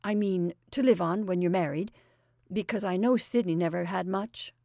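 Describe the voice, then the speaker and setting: A woman's voice: fairly low pitch, moderate pace, vocal fry, mellow, no room sound, clean studio sound. A woman doing a gleeful old stage actor. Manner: exuberant, rambling, confiding. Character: jolly middle-aged male stage actor, gleeful and chatty.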